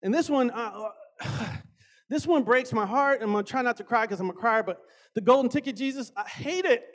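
High-voiced animated male preacher. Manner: animated, drawn-out emphasis, frequent asides to the audience. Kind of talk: conversational sermon.

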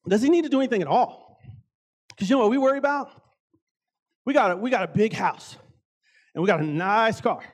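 A man preaching a casual sermon, animated and conversational, often acting out voices. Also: high voice, brisk, long pauses.

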